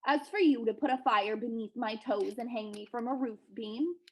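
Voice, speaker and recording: A woman's voice: on the high side, moderate pace. A woman reading aloud and voicing a bold young prince who brags. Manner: bragging. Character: bold young male prince, boastful and clever.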